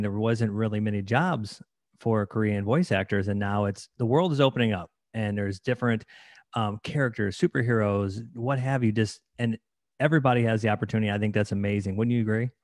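A man's voice: fairly low pitch, darkish tone, no room sound, studio quality. A man hosting an interview with a fellow voice actor, asking questions and affirming the guest with encouraging remarks. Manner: affirming, encouraging, many backchannels. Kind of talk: casual interview chat.

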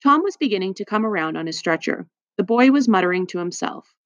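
A woman narrating a children's audiobook with lively storytelling. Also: medium pitch, fast, no room sound, lo-fi sound. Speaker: audiobook reader.

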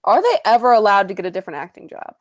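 A woman's voice: medium pitch, big pitch swings, racing, no echo. A woman in a casual podcast chat, laughing and mocking with her co-host.

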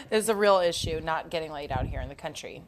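A woman's voice: low-pitched, animated, normal speed, a little hiss or hum. A young adult woman hosting a casual solo podcast, talking frankly and profanely and often breaking into giggles. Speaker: podcast host.

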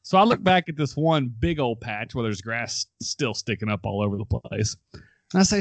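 A young man hosts a relaxed talk show and spins a story out loud. He acts out the people he quotes and laughs along the way. His voice sits dry and close to the mic. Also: medium pitch, moderate pace, no room sound. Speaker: podcast host. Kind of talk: casual chat, storytelling.

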